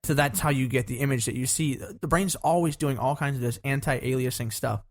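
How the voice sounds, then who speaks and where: A man's voice: medium pitch, fairly quick. A man co-hosting a podcast in casual chat, cracking jokes and explaining science with enthusiasm. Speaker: podcast co-host.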